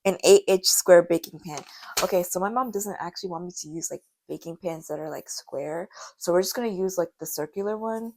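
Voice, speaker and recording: Hoarse, rambling young woman vlogger. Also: brisk, a little mellow. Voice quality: deep-sounding voice. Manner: rambling, chatty, self-mocking. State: hoarse from karaoke. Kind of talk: casual baking vlog chat.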